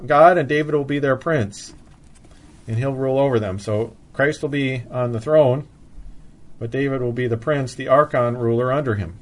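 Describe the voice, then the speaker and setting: A man giving an expository Bible sermon, reading scripture passages aloud in old-fashioned wording and then explaining them plainly. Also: mid-range voice. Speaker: Bible teacher.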